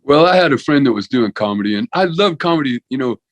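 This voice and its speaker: A man's voice: mid-range voice, expressive, fast, no room sound, low-quality recording. A man in his sixties, a veterinarian and comedian, telling rambling stories as a podcast guest, with lots of restarts and "you know". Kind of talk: rambling conversational storytelling.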